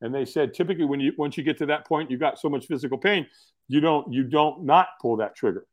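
Speaking fast in a fairly high voice, this middle-aged podcast guest shares his story in an earnest, folksy way and tends to repeat words at the start of sentences.

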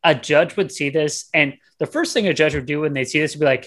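A man's voice: on the high side, a little fast, few pauses, fairly bright tone. A man co-hosting a podcast, talking about a film in a laid-back, casual way. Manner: laid-back, says "dude" and "like" a lot. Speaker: podcast co-host. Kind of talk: casual film review chat.

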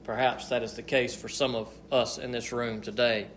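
A man preaching a sermon at a church service, emphatic, with repeated phrases and swings from loud to hushed. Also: mid-range voice, level tone, normal speed, a little hiss or hum.

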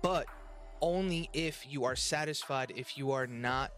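This American podcast co-host, who works as a restaurant server, talks about serving in a loose, rambling chat full of false starts. He speaks at a measured pace in a mid-range, fairly bright voice, with soft music in the background.

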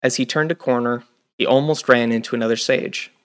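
A man narrates a fantasy audiobook in a steady, scripted storytelling manner. He does the plain narration between the characters. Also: mid-range voice, fairly quick, clear, resonant tone.

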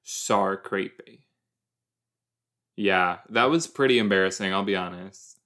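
A man's voice: sits low, a little slow, pushed and bright. A man hosting a casual reaction show, chatty and rambling, full of restarts and wry, teasing jokes. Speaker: podcast host reacting to a teen TV series.

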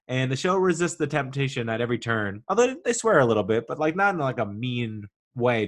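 A man's voice: mid-range voice, a bit bright. A man in his forties giving a casual, rambling, enthusiastic review monologue, full of "like" fillers. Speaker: podcaster reviewing a TV show.

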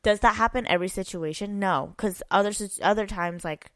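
A young woman co-hosting a casual podcast chat, blunt and profane, getting loud and animated when she retells arguments. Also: medium pitch, brisk, no room sound, clean studio sound. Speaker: podcast co-host.

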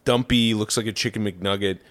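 A man's voice: on the low side, fairly even intonation, fairly quick, a bit bright. A man co-hosting a podcast, reacting with profanity and disbelief in casual true-crime talk. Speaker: podcast co-host.

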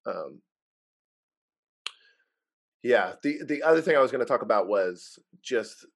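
Young man, mid-pitch, chatty podcast co-host, lively storyteller. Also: a little slow, creaky. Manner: animated storyteller, acts out quotes, laughs often. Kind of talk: casual chat.

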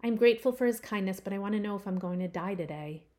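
A woman's voice: medium pitch, fast, darkish tone. Woman reading her own story expressively. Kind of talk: first-person story reading.

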